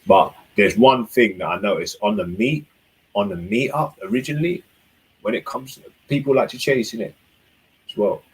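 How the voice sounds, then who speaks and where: A man's voice: lowish voice, moderate pace, husky, poor audio. A young man chatting casually and laid-back, giving dating advice. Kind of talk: casual chat.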